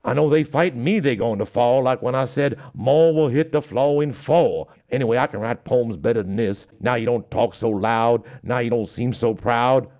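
A man's voice: medium pitch, normal speed, few pauses, darkish tone, lightly acted. A man doing a comedic impression of a boastful boxing champion reciting lyrics in sing-song rhymes. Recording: dull lo-fi recording.

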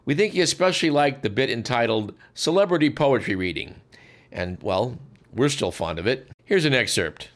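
A man's voice: mid-range voice, expressive, moderate pace. A man hosting a radio show, reading scripted narration in a dry, wry and formal way.

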